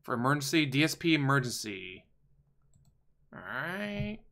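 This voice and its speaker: A man's voice: mid-range voice, very animated, measured pace, vocal fry, a bit bright. A man hosting a casual livestream, commenting on videos in a profane, sarcastic, mocking way. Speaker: stream host.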